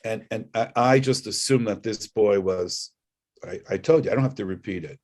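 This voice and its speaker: Low-voiced guy on a video call, rambling through a personal story, keeps restarting. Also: normal speed, darkish tone. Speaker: guest speaker. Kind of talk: personal reflection talk.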